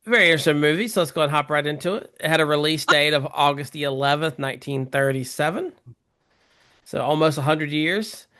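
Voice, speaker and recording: Southern us guy hosting a movie podcast, slightly high voice, easygoing. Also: brisk. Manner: relaxed, reads facts, chuckles. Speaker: podcast co-host. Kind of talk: casual podcast chat.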